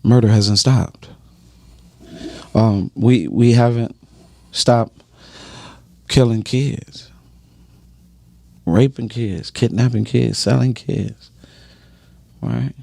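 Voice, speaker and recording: A man's voice: mid-range voice, drawn-out words, vocal fry, long pauses, warm tone, dry recording. A man giving emphatic, preachy personal testimony on a podcast, often asking "right?".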